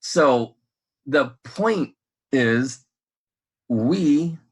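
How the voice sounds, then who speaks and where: A man co-hosting a casual podcast. He talks in a rambling, animated way, laughs often and swears now and then. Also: medium pitch, extremely slow, slightly rough. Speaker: podcast co-host.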